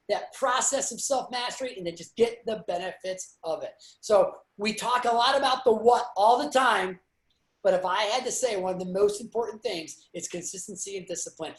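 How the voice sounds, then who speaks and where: A man giving an energetic motivational talk as host of a real estate webinar, telling stories from his own life. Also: high-pitched, reverberant. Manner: energetic, storytelling. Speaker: real estate sales leader hosting a webinar.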